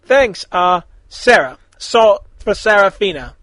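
A man's voice: high voice, animated, slow, fairly bright tone, no echo, exaggerated voice. A man voicing a curt, sulky teen heroine. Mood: puzzled. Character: sulky grieving teen girl superhero. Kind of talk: fan fiction reading.

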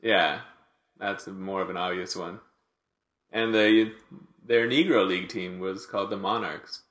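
Man, comedy co-host, dry deadpan delivery, lowish voice, echoey room. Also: measured pace. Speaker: podcast co-host. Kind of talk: casual comedy chat.

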